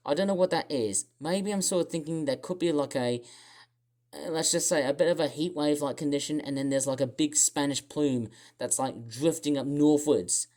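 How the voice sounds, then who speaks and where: Her voice is deep and dark-toned, moving at a normal speed. She's an Australian-accented woman vlogging about the weather on her own channel, rambling casually and thinking out loud with plenty of fillers and side comments.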